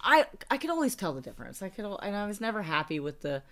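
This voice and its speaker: A woman in casual chat with her spouse, animated and playful, laughing often as she talks. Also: medium pitch, fast talker.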